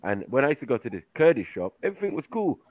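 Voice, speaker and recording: Slangy podcast host, animated storyteller; lo-fi, dead-dry sound. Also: male voice, mid-range voice, rapid-fire, no room sound. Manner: slangy storyteller, puts on voices, laughs often. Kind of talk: casual chat.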